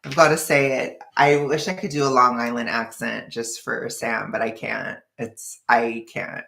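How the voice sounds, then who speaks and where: Gravelly, rambling young vlogger. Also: mid-range voice, flat delivery, a little slow, sharp tone. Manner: rambling, joking, laughs often. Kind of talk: casual vlog chat. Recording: echoey room.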